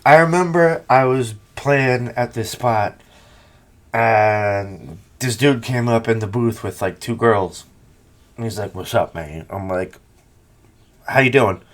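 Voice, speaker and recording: A man's voice: mid-range voice, takes it slowly. A man hosting a podcast, telling stories in casual, profane chat and quoting people as he goes. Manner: profane, storytelling, quotes people in their voices.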